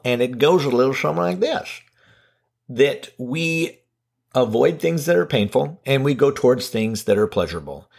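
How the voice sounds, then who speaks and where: A man hosting a casual self-help video, talking to camera in an animated, self-mocking way with light swearing and big playful swings in pitch. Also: gravelly, slightly rough. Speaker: video host.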